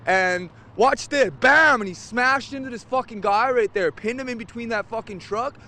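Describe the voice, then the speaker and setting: A man's voice: extremely high pitch, moderate pace, sharp tone. A man speaking as an eyewitness in an outdoor news interview, telling a rambling story full of profanity.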